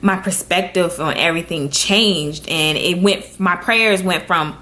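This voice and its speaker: A young adult woman vlogging to camera, telling a personal story with earnest, animated delivery and acted-out quotes. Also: fairly low pitch, unhurried, few pauses. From Florida.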